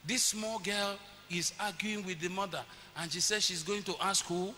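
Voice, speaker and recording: A middle-aged man preaches in a bright, forceful voice that sits a little high. He tells stories and acts out voices. The sound rings with the long reverb of a church hall, over a faint hiss. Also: steady tone, normal speed. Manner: storytelling, acts out his children's voices. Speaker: pastor. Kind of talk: sermon.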